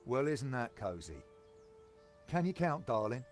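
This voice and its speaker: A hostile heavy who guards a rich man's gate in a video game. He sneers and mocks at a steady middle pitch, with a touch of game music behind him. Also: a little slow. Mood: sneering. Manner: sneering, mocking, threatening. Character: surly hostile male gatekeeper guarding a mansion.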